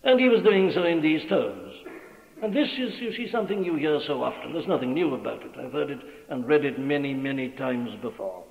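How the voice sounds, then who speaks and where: A man's voice: on the high side, very animated, brisk, creaky. A man preaching a sermon in an emphatic, declamatory way, quoting scripture at length. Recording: tinny, echoey old church hall recording.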